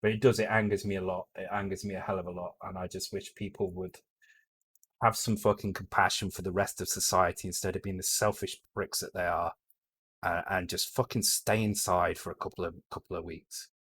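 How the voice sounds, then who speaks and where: Low-voiced British man streaming live code. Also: flat delivery, brisk, a bit bright, husky. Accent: British English. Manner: blunt, swears freely, trails off and restarts mid-thought. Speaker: streamer coding a retro game. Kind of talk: live coding stream, thinking aloud. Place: home.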